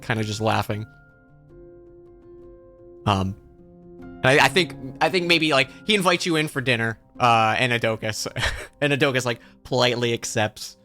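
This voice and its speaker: A man narrating a tabletop game as game master, halting and restarting often. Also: medium pitch, sharp tone. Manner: halting, with many fillers and restarts.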